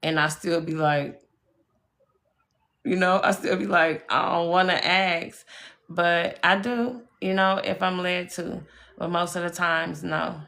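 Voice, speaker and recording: A woman's voice: fairly low pitch, steady tone, measured pace, creaky, fairly bright tone. A woman telling personal stories on a live stream, chatty and emphatic, swearing freely and calling her viewers y'all and baby. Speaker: live-stream spiritual reader. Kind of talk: casual live-stream storytelling.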